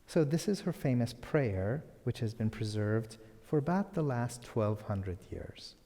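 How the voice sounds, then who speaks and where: Brief: male lecturer, slow, mellow, hushed phrase endings, long hall reverb. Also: mid-range voice, expressive. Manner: soft and deliberate, trailing into near-whispers. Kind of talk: public lecture.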